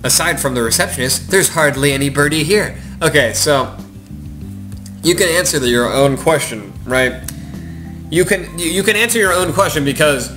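A man's voice: on the high side, lively intonation, moderate pace. Sarcastic, profane man commenting on a game. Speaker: gaming commentator. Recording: game music behind.

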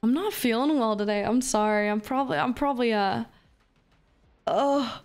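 A woman streaming a shooter game, chatting casually with her viewers, reading chat aloud and swearing between plays while feeling a bit unwell and low on energy. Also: quick pace, clear, resonant tone, soft background music. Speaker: VTuber streamer.

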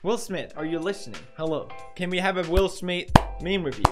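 Lively, exclaiming young male host. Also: high voice, fairly quick, music in the background. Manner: animated, exclaiming, laughing, mock-outraged. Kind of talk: comedic meme reaction commentary.

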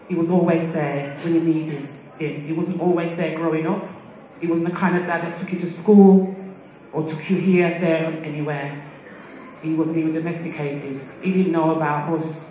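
A middle-aged woman gives a funeral eulogy as lively storytelling. She acts out the voices of the people she quotes. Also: low voice. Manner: animated storytelling, acts out quoted voices, laughs between lines. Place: large echoing hall at a funeral service. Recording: very echoey hall.

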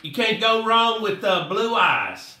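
A man's voice: high-pitched, sing-song, takes it slowly, sharp tone, roomy sound, recorded from a distance, faint music behind. A man giving a casual, rambling fishing how-to, repeating himself in a folksy way. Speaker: fishing vlogger.

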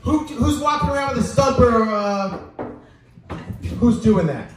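Rambling high-voiced man doing stand-up. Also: soft background music. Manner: rambling, crude, halting with many restarts. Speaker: open mic comedian. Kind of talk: stand-up set. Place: small bar stage. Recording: echoey room heard from far off.

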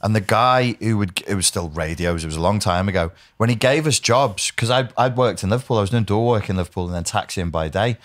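A man's voice: on the low side, fast talker, few pauses. A man with a Wirral accent hosting a podcast, chatting casually, swearing and laughing often. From Wirral, England. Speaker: podcast host. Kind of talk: casual chat.

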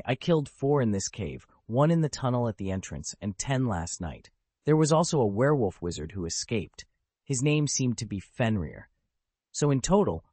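A man voicing a calm, cold young male wizard who speaks in a matter-of-fact way. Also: mid-range voice, husky, no room sound.

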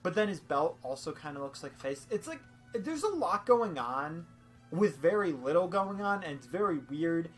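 A woman's voice: on the low side, big pitch swings, normal speed. A young woman doing goofy, rambling let's-play commentary with frequent laughs, over faint game music. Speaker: game streamer.

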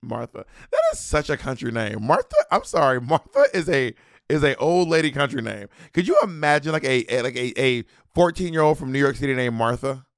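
A man's voice: medium pitch, very animated, no echo, clean studio sound. A man co-hosting a podcast in a playful, teasing casual chat. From Southern United States. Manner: teasing, quick-talking, playful. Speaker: podcast co-host.

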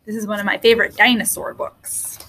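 A woman teacher reading a storybook aloud to young children in an expressive, animated way. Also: mid-range voice, brisk, slightly rough. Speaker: kindergarten teacher.

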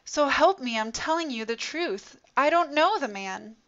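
A woman's voice: high-pitched, lively intonation, a little slow, a bit bright, pitched above the performer's own voice. A woman voicing a frightened male disciple who desperately denies knowing his teacher in a storybook reading. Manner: desperate, pleading outbursts. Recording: dull lo-fi recording.

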